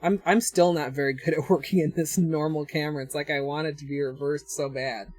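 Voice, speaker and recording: A woman's voice: low voice, steady tone, brisk, darkish tone, dry recording. A woman with a Minnesotan accent chatting casually on a livestream, thinking aloud as she demonstrates and answers her chat with frequent chuckles. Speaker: nail art livestreamer.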